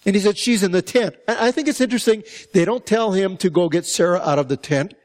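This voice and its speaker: A man's voice: high-pitched, quick pace, a little mellow. A man preaching a conversational Bible-teaching sermon, reading verses and asking the listeners questions. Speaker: pastor.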